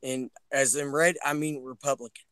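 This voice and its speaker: A man's voice: mid-range voice, steady tone, moderate pace, sharp tone, clean tone, no echo. A man in a casual political chat, urging his listeners earnestly and often restarting his sentences. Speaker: guest.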